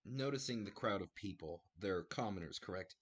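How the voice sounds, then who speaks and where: Lowish-voiced guy playing a tabletop game, chatty, explains what he's doing. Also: lively intonation, moderate pace, breathy edge. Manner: casual, explains plans at length. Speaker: player. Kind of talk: casual tabletop play.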